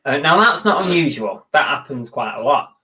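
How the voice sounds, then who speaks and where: A man talks casually on a live stream, co-hosting a show about reselling. He is self-deprecating and chatty, swears freely, and speaks at an ordinary middle pitch. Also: lively intonation, normal speed, pushed and bright. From England.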